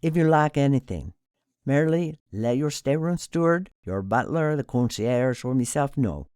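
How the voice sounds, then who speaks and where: Casting: a polite, formal Jamaican hotel director, as a narrator puts him on, lively pitch, dry close read. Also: male voice, normal speed, smooth, no room sound, lightly acted. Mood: courteous. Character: courteous Jamaican man, hotel director on a ship.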